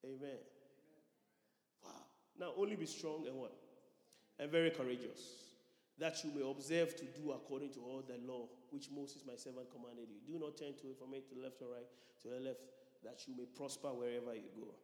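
A man's voice: mid-range voice, fairly even intonation, a little fast, a little mellow. A male pastor preaching a sermon, repeating lines for emphasis and calling out to the congregation. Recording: echoey church hall reverb.

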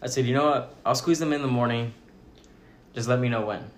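A young man as a podcast guest, chatting casually with a dry, deadpan, mock-arrogant manner. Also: mid-range voice, fairly quick, reverberant. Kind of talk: casual chat.

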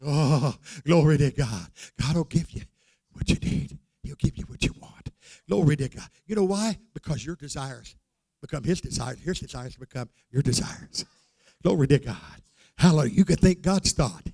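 Older man, high-pitched fervent preacher, shouts and sings out his praises. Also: lively intonation, moderate pace, creaky. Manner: fervent, repeats "glory to God" and "hallelujah"; builds to shouting and singing out phrases. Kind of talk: sermon.

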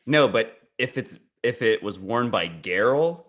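A man co-hosting a comedy podcast, in casual, teasing banter and quick jokes. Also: mid-range voice, animated, a bit bright. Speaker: podcast co-host.

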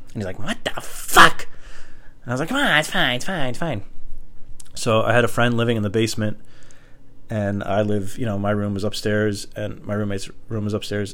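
A young man telling casual stories in a rambling, laid-back, self-mocking way, jumping into loud voices when he quotes people. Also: lowish voice. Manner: acts out quoted voices loudly. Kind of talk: casual storytelling.

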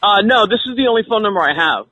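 A man with a fairly high voice plays along on a prank phone call. He sounds deadpan and playful, keeping the caller on the line. Crowd chatter fills the background. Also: fast talker.

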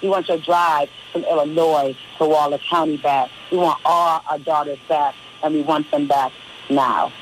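A woman's voice: sits low, moderate pace, a little hiss or hum, rough recording. A woman poet performing spoken-word poetry with emphatic, rhythmic refrains, then chatting casually in a radio interview. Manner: relaxed and chatty between poems.

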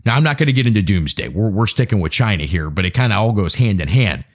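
Low-voiced American man ranting animatedly. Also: expressive, fast talker. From United States. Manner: ranting, profane, conversational. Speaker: podcast host. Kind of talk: opinion monologue.

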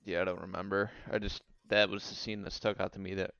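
A man's voice: sits low, little pitch movement, fast, gravelly, fairly bright tone, clean tone, no room sound. A man chatting casually as a podcast co-host, a little hesitant and unsure. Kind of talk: casual chat. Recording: dull, dry lo-fi sound.

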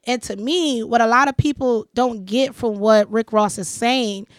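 A woman's voice: fairly high pitch, measured pace, no room sound, studio quality. A woman hosting a casual conversation, talking emphatically and repeating phrases for stress. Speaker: podcast host.

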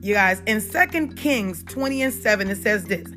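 A woman's voice: mid-range voice, animated, moderate pace, bright, forceful tone, soft background music. Chatty Southern woman talking health. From South Carolina. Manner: chatty, repeats "you guys" and "y'all", many fillers. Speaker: holistic health talk host. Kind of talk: unedited casual health and faith talk.

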